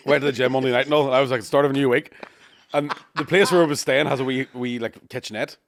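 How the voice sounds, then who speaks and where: A man telling a rowdy story in casual podcast chat, swearing constantly and shouting out the lines of the people in it. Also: medium pitch, fast, no room sound. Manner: swears a lot, lively storytelling with shouted impressions. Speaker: comedian podcast co-host.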